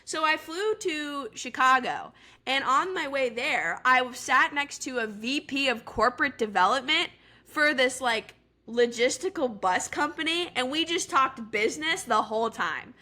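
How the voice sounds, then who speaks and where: A woman's voice: high voice, animated, measured pace, bright, forceful tone. A woman in her twenties, co-hosting a podcast and telling a story in casual chat, talking in a chatty way with lots of "like" fillers. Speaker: podcast co-host.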